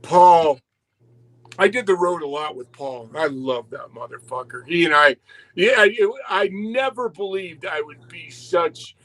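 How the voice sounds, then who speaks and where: A man telling wrestling stories in casual chat, animated and swearing constantly. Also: on the high side, a little slow, poor audio. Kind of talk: casual profane storytelling.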